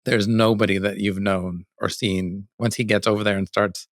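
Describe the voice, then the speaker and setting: A middle-aged man talks in a relaxed way as a podcast co-host, laughing often. His voice is lowish with a gravelly fry. The sound is close and dry. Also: moderate pace, no echo. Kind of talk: casual chat.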